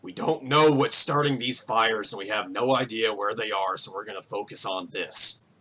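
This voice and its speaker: Man doing a gruff weary half-elf mayor. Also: on the low side, moderate pace, bright, forceful tone, voice pushed down, low-quality recording. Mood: stern.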